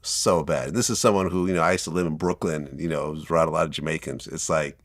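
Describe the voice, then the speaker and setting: A man's voice: extremely low pitch, steady tone, fast, no echo, clean studio sound. A man from Russia hosting a casual interview, chatty and teasing, laughing often. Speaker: interviewer host.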